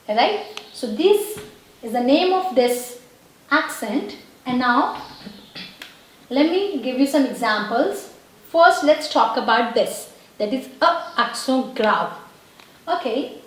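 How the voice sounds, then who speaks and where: A woman's voice: high-pitched, animated, slow, pauses often, very echoey, low-quality recording. A woman teaching a language lesson, patiently explaining and repeating words and checking in with her viewers. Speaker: French teacher.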